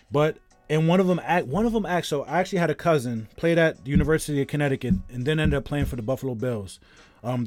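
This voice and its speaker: A man's voice: on the high side, darkish tone, no echo. Easygoing man rambling on a game stream. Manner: rambling, easygoing storyteller greeting viewers. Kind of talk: casual live-stream chat.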